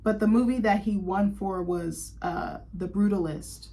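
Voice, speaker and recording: A woman's voice: mid-range voice, a little slow, mellow. A young woman hosting a casual chat show, gushing and chatty, filling her talk with "like". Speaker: host.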